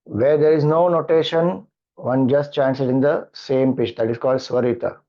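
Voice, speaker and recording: A middle-aged man with an Indian English accent, a spiritual teacher patiently explaining mantra chanting and chanting slowly. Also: mid-range voice, fairly even intonation. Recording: dull lo-fi audio.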